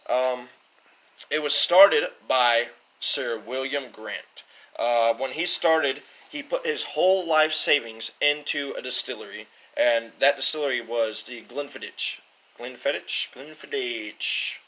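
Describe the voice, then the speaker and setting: Bright-voiced rambling man. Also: mid-range voice, measured pace, slight background noise, rough recording. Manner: rambling, self-mocking, fumbles names. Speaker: show host. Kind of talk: casual whiskey-tasting talk.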